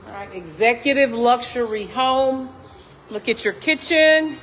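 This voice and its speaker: This is a chatty new-home walkthrough by a woman realtor from Texas, recorded on her phone in an empty, still-under-construction model home with echoey rooms and faint noise. Her voice leans high and a little bright, her pace is relaxed, and she exclaims often while calling viewers "y'all."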